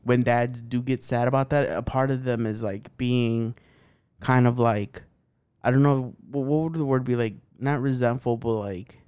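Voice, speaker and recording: A man in his thirties co-hosts a podcast in a mid-range, steady, slightly mellow and smooth voice at normal speed. The chat is casual and laid-back, packed with profanity, filler words, lots of "like", and frequent laughter.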